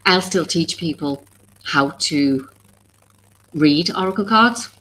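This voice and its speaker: Low-voiced woman hosting a live stream. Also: animated, slow, a bit bright, slight background noise, low-quality recording. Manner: rambling, earnest, full of restarts and asides; openly emotional and vulnerable. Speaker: oracle card reader and live stream host. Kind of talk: live-streamed casual talk to viewers.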